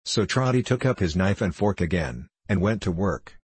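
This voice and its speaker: A man with a deep, husky voice reads a classic novel with measured, expressive pacing. The recording is dry and close. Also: no room sound. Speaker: audiobook narrator.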